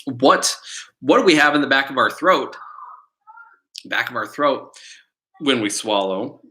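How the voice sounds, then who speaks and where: A middle-aged man, a test prep instructor, runs a live-stream quiz lesson, rambling casually and firing questions at his viewers. His voice sits on the low side and sounds pushed and bright. He's picked up by a computer mic on the stream, and the audio is poor.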